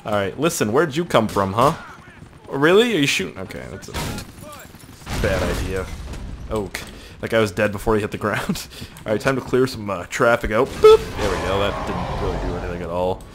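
A man giving casual gameplay commentary, excitable, swearing, laughing and talking to himself as he plays. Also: fairly low pitch, brisk, noisy background. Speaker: let's play gamer.

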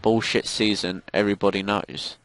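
A man's voice: fairly low pitch, fairly even intonation, moderate pace, a bit bright, no echo. A young man giving live commentary over a shooter game, swearing and ranting in frustrated outbursts. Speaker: gaming commentator.

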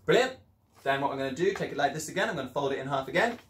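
A man's voice: fairly high pitch, lively intonation, rapid-fire, slight background noise. Encouraging male teacher in an echoey room. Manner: chatty, encouraging, explains step by step. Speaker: primary school teacher. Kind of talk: recorded online English lesson for children.

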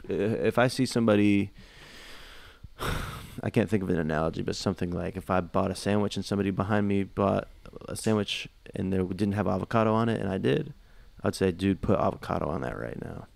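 A man co-hosting a comedy podcast, spinning rambling deadpan bits in casual chat. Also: low voice, a little fast, creaky, no room sound. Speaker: podcast co-host.

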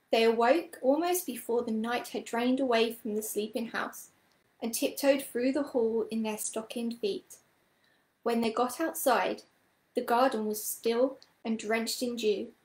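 A woman reading a children's story aloud, in a gentle, clear storybook manner. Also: fairly high pitch, roomy sound.

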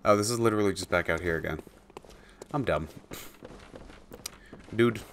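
A man's voice: deep voice, fast talker, a bit bright, slight background noise. A man giving casual commentary while playing a video game, chatting to the creatures on screen and chuckling often. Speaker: let's play gamer.

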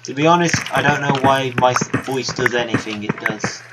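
A man's voice: mid-range voice, normal speed. A man giving rambling, wry gaming commentary as a let's play host, talking to himself as he plays. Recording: loud background noise.

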